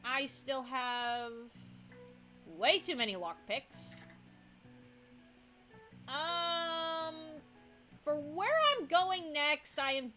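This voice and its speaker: A woman's voice: sits high, lively intonation, extremely slow, long pauses, pushed and bright, faint music behind. A woman giving casual, chatty gameplay commentary, often stopping to correct herself. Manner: chatty, self-correcting, laughs easily. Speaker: let's play host.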